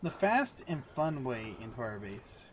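A man's voice: mid-range voice, very animated, measured pace, noisy background. A man hosting a let's-play video, chatting casually to viewers and himself while he plays. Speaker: gaming video host.

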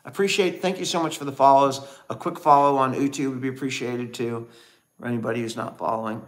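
A man's voice: mid-range voice, steady tone, fast talker. A middle-aged man co-hosting a casual livestream, telling a family story and thanking viewers. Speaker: livestream co-host.

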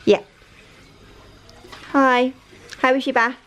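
A woman's voice: high-pitched, flat delivery, slow, a bit bright, a little hiss or hum, low-quality recording. A woman, chatting to the camera at home while doing chores. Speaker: vlogger, mother. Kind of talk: casual vlog chat. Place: family home.

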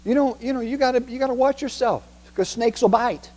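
A man's voice: very high voice, brisk, darkish tone. A man preaching a sermon as pastor, emphatic and repetitive, often asking the congregation rhetorical questions. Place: church sanctuary. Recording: long reverb from a church hall.

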